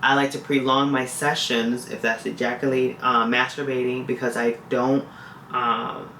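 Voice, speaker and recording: Bright-voiced woman vlogging in an echoey room. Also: rumbling low. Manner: rambling, repeats phrases, talks to viewers directly. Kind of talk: casual confessional vlog talk. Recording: echoey room with faint hiss.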